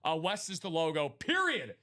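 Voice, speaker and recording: Man, live-stream host, energetic, hype-style, slightly high voice. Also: moderate pace. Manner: energetic, hype-style, greets viewers by name. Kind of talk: casual live-stream chat.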